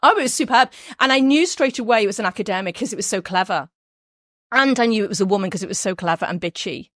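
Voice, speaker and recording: Woman, softened Liverpool accent, interview guest, animated, quick bursts, restarts, mid pitch, dry sound. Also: dry recording. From Merseyside, England. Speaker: guest, biographer. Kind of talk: casual interview talk.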